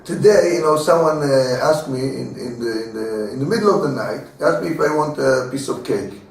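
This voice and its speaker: A man teaching a Torah class in a halting, earnest way, with many fillers and restarts. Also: mid-range voice, expressive, creaky. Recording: echoey room, voice from a distance.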